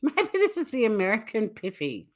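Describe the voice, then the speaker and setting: A woman's voice: fairly high pitch, wildly swooping pitch, moderate pace. A woman hosting a casual true crime livestream, blunt and swearing freely, repeatedly breaking into helpless laughter. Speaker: true crime YouTube host.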